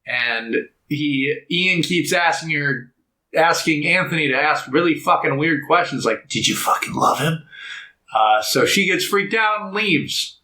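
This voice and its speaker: A young man co-hosting a podcast, casually recapping a movie's plot and acting out the characters' lines in loud, high voices. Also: measured pace. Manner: animated storytelling, jumps into loud high voices for quotes. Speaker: podcast co-host. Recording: echoey room.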